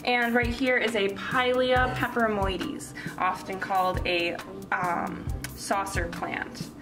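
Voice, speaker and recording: A young woman gives a plant tour as co-host of a casual home show, speaking slowly in a flat, mid-range voice. She chats, mocks herself, and makes crude asides. The audio is roomy and distant, with music underneath.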